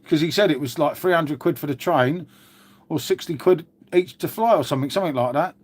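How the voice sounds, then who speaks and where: Brief: man, casual live-stream host, gutted and sweary, voice sits a touch high. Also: fairly quick. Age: older. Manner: glum, swears often, addresses viewers as mate. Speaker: channel host. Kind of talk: casual live chat to viewers.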